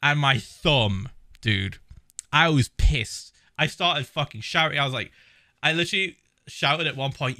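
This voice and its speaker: Brief: male streamer, raised pitch, casual reaction commentary, loose and profane. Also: measured pace, a little hiss or hum. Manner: animated, swears a lot, laughs often.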